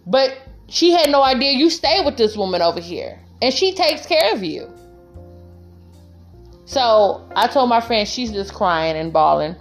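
A woman's voice: on the high side, very animated, measured pace, faint music behind. A woman vlogging relationship advice in a casual, heartfelt monologue, telling her story emphatically and speaking straight to other women.

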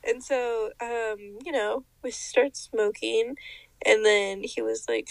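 Gravelly young woman telling a wild story. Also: a little high, normal speed, no echo, rough recording. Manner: animated, laughing, mimics people in her stories. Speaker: podcast co-host. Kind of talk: casual storytelling chat.

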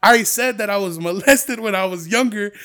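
A man's voice: high voice, normal speed, bright, forceful tone. A man hosting a podcast, delivering a heated, profane and rambling casual rant. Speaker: podcast host. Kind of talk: casual ranting monologue.

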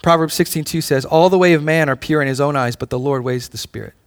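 A man's voice: fairly high pitch, fast. A man preaching a sermon in a conversational way, often restarting phrases and building in intensity. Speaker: pastor.

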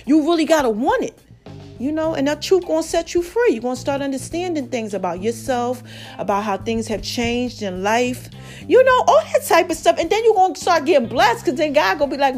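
Female podcast host, high pitch, hoarse and worn out, preachy, animated delivery. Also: brisk, soft background music. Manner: preachy, animated, calls listeners baby and child. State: voice cracking, tired. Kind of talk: casual motivational talk.

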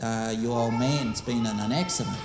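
A man's voice: mid-range voice, moderate pace, over music, voice pushed down, lightly acted. A man putting on a laid-back rural Australian bloke. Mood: easygoing. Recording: echoey hall, faint background noise.

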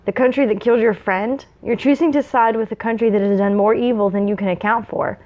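A woman's voice: a little high, steady tone, fairly quick, muffled recording, close to an everyday voice. A woman reading aloud the pointed questions of an indignant male mercenary. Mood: accusing.

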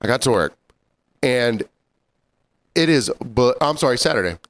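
A man's voice: mid-range voice, expressive, moderate pace. A man co-hosting a podcast, laid-back in casual chat, chiming in with short agreements and then telling his own work story. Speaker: podcast co-host.

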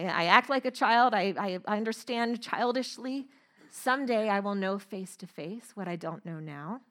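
A middle-aged woman preaching a sermon, earnest and emphatic, slowing down to stress key phrases. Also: a little high, fairly bright tone. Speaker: speaker.

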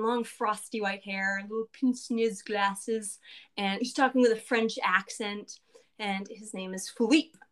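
A woman's voice: medium pitch, a bit bright. A woman casually recapping a tabletop game session, chatty and full of asides.

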